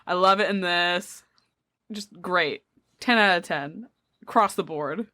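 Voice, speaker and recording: Bright-voiced woman in her twenties, dry sound. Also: fairly low pitch, slow pace, dry recording. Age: 20s. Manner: enthusiastic, swearing often. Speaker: podcast co-host. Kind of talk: casual chat.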